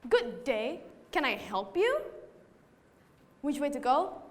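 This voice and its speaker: A student actress performing the Cheshire Cat as a playful, riddling stage monologue in a hall. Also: female voice, sits high, big pitch swings, slow pace, exaggerated voice. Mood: teasing. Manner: playful, teasing, theatrical. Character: sly riddling Cheshire Cat, grinning and teasing. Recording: reverberant hall.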